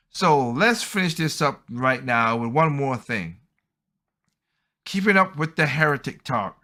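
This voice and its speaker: A man's voice: medium pitch, a bit bright. A man hosting a podcast, talking casually in a rambling, opinionated way. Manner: rambling, opinionated, acts out quoted people. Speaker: podcast host.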